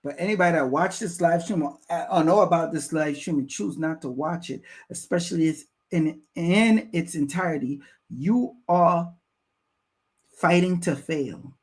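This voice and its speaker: A man's voice: fairly high pitch, a little slow. A man reacting to a news clip on a live stream, preaching at his viewers and repeating himself to drive each point home.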